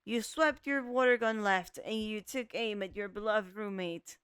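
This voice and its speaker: A woman streaming a visual novel reads its narration aloud, frequently stumbling over words and starting again. Her mid-range voice moves at normal speed and sounds a bit bright, clear and resonant, with no echo.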